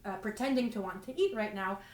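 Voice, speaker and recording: Talking at a quick pace in a mid-range voice, a stand-up comedian tells self-deprecating stories that wander and keep restarting. Sound comes through a distant mic in a roomy space.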